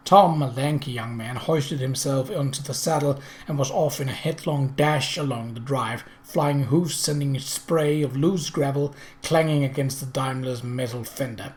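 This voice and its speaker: A man reading a mystery novel aloud, with measured storytelling narration. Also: medium pitch, darkish tone.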